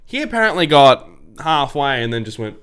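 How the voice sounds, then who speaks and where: A man, co-hosting a casual podcast and telling rambling, animated stories. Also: medium pitch, normal speed, clear, resonant tone. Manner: rambling storyteller, animated when annoyed. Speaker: podcast co-host. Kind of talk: casual chat.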